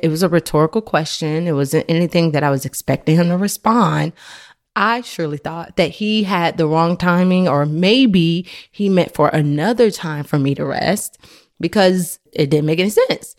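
A woman in her thirties, a podcast host, telling a personal faith story in an earnest, conversational way. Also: fairly low pitch.

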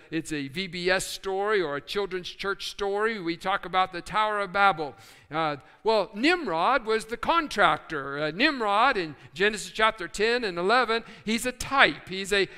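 High bright-voiced preacher in a hall. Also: male voice, clean tone. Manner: animated storytelling, switches voices for quoted characters. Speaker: pastor. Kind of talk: sermon. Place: church sanctuary.

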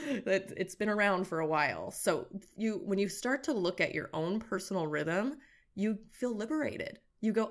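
A woman nutritionist talking as a guest in a casual interview, lively and animated, acting out little quotes with big jumps in pitch. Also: normal speed.

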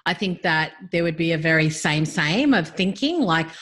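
A woman's voice: fairly low pitch, expressive, moderate pace, a bit bright. A woman co-hosting a business podcast, speaking in an earnest, encouraging way. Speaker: podcast co-host, business owner. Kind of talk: casual business chat.

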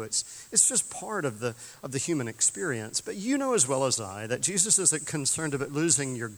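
A man preaching a sermon as pastor, in a relaxed storytelling way with chuckling asides, in a church sanctuary. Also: on the high side. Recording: long church reverb.

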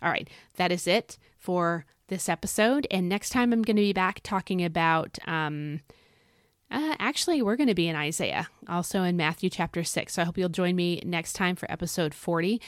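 A woman's voice: on the low side, normal speed, no echo, studio quality. A woman hosting a devotional podcast, talking in an earnest, encouraging, conversational way. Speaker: podcast host.

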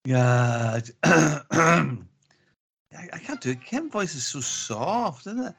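A man's voice: on the high side, animated, takes it slowly, gravelly, a bit bright, breathy edge, faint music behind. A man co-hosting a casual gaming podcast, joking and laughing a lot. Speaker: podcast co-host. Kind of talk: casual chat.

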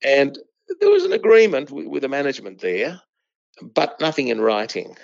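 Older horse breeder, gravelly and rambling; dry, muffled sound. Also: male voice, medium pitch, huge pitch swings, normal speed, no room sound. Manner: rambling, with many restarts. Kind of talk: anecdotal interview storytelling. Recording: dull lo-fi dry recording.

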